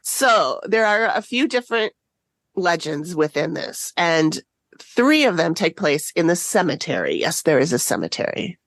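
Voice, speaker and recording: A woman's voice: on the low side, big pitch swings, normal speed, no echo. A woman co-hosting a casual podcast, telling a story in a chatty way and laughing often. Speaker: podcast co-host. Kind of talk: casual chat.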